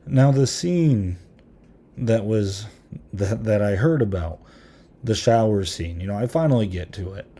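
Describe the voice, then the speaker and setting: Low, mellow-voiced man rambling through a review. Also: animated, unhurried. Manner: rambling, many filler ums; chuckles now and then. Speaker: podcast host. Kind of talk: casual movie review.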